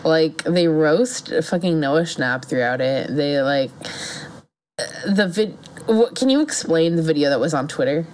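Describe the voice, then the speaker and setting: A woman co-hosting a casual podcast, animated, laughing and swearing freely. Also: sits low, unhurried. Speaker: podcast co-host. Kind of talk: casual chat.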